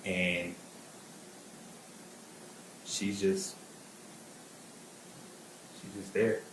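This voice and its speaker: Halting low-voiced man giving testimony. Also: flat delivery, roomy sound, noisy background. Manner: halting, many fillers and restarts. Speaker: witness. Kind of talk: testimony and recounting.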